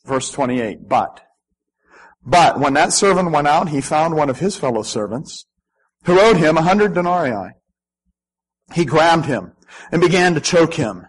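A man delivers a sermon as a pastor, his voice sitting a little high with a husky grain. He reads scripture dramatically and speaks straight to his congregation. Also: measured pace, long pauses, rough recording. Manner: animated preaching with dramatic scripture reading.

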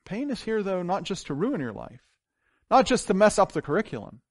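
A man preaching a sermon as pastor, telling stories with big swings from loud to hushed. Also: high-pitched, a little fast, no echo, studio quality. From grew up on a farm. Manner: animated storytelling with wide swings in loudness.

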